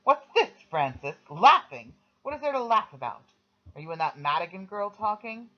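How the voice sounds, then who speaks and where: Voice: medium pitch, lively intonation, normal speed, natural voice. A reader voicing a very stern, frightening hospital nurse who reprimands sharply. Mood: reproachful. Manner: sharp, reproachful. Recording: slightly dull lo-fi recording.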